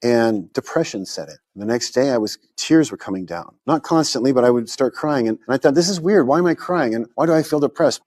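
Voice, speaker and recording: A man's voice: mid-range voice, a little mellow. Earnest man telling his story. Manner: earnest storytelling with stammered repeats and quoted inner thoughts. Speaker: interview guest. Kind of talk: personal testimony in an interview.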